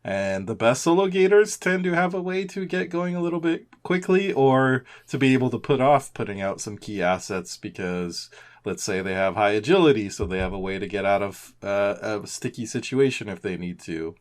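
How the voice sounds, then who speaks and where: A man co-hosting a podcast, explaining points step by step in a relaxed, methodical way. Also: on the low side, normal speed. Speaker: podcast co-host. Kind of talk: casual podcast chat.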